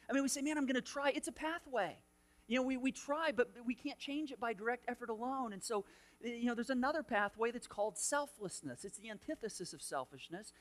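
A middle-aged male pastor preaching a sermon, telling a personal story with lots of quoted dialogue and restarts. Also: high-pitched.

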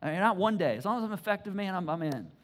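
A male pastor giving an energetic sermon in a church, often repeating words as he pushes his point. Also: sits high, rapid-fire. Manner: energetic, stammering repeats, emphatic.

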